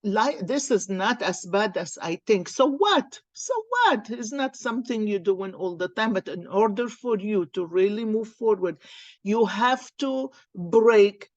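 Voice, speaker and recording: Slow, earnest woman card reader. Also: medium pitch, darkish tone, no echo, highs cut off. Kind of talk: casual spiritual storytelling.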